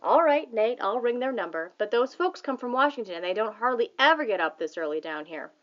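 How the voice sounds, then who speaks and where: A woman's voice: a little high, very animated, a little fast, muffled recording. A woman voicing a chatty, nosy small-town telephone operator with a sweet sing-song manner.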